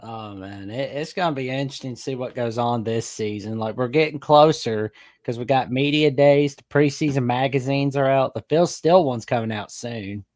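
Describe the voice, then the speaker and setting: Southern caller, strong Alabama accent, chatty and folksy, dry mic. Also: male voice, medium pitch, normal speed, hardly any pauses, darkish tone, dry recording. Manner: upbeat, chatty, folksy sayings. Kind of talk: casual call-in chat.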